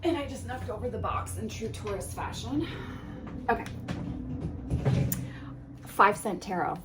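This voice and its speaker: A woman vlogging an unboxing of a card deck, reading card names softly and gushing with emotion. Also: mid-range voice, expressive, unhurried, over loud music. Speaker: tarot vlogger. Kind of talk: casual unboxing vlog.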